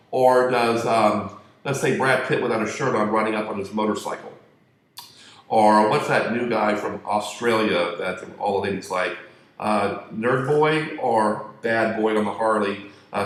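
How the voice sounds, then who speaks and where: A man telling a crude, profane, joking story in a rambling monologue. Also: on the low side. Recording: echoey room.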